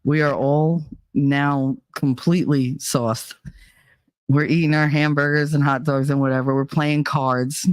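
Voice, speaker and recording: A middle-aged woman hosting a casual chat, telling a story in an animated way, swearing and mimicking other people's voices. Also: low voice, measured pace, dry recording, studio quality. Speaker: channel host.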